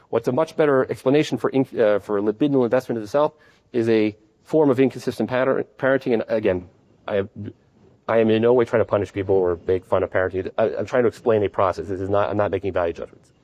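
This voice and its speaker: A man's voice: on the low side, quick pace, a little mellow. A man giving a conference lecture as a psychiatrist. He speaks in a conversational way and acts out examples as he explains. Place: conference at a hotel.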